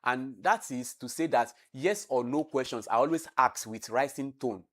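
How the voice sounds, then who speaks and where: A man's voice: medium pitch, normal speed, fairly bright tone. Man, exam-prep teacher, explanatory, repeats key terms, lesson style.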